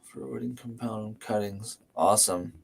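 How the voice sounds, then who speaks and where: A man's voice: lowish voice, normal speed, gravelly, noisy background. A man hosting a casual livestream from home on a desk microphone. He talks easily, laughs often and answers viewers by name. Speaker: livestream host. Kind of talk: casual chat. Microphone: desk microphone and webcam.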